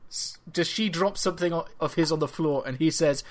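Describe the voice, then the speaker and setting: A man's voice: fairly high pitch, a little fast, slight background noise. A man co-hosting a podcast in casual chat, butting in with teasing jokes. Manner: teasing, jokey interruptions. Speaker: podcast co-host.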